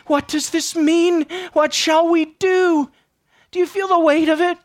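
A woman preaching a sermon with passion, dropping to a hush and then rising loud, at times out of breath. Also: very high-pitched, fairly even intonation, unhurried, dry recording, studio quality. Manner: impassioned, swings from hushed to loud.

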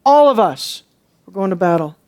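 A man preaching an expository sermon. He asks rhetorical questions, swings between hushed and emphatic, and turns sarcastic when mimicking others. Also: sits high, big pitch swings, moderate pace.

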